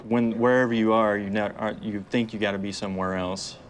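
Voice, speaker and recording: A man asking interview questions in a casual, halting way, often restarting his phrases. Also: on the low side, steady tone, background noise. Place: working man's bar.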